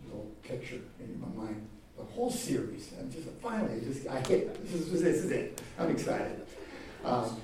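A man preaching a sermon in an earnest manner, dropping to a hush for tender moments and rising for emphasis. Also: fairly high pitch, far from the mic, slight background noise. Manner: earnest, swings between loud emphasis and near-whispered tenderness. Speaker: pastor. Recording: echoey room, speaker away from the mic.

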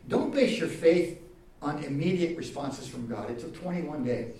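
Guy preaching a sermon, earnest, goes soft then loud, far from the mic in a big echoey room. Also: fairly high pitch, animated, moderate pace. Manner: earnest, swings between loud emphasis and near-whispered tenderness. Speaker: pastor.

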